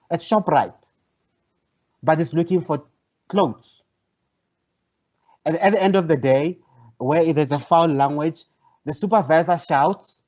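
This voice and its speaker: A male professor's slightly high, slightly mellow voice comes through dull, lo-fi online call audio as he leads a training workshop. His lecturing is conversational and hesitant, with repeated phrases.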